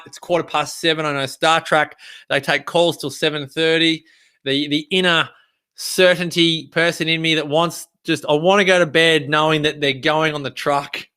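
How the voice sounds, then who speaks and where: Animated Australian man telling a story. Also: fairly high pitch, moderate pace, clean tone. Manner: animated, chatty. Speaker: vlogger. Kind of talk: casual storytelling.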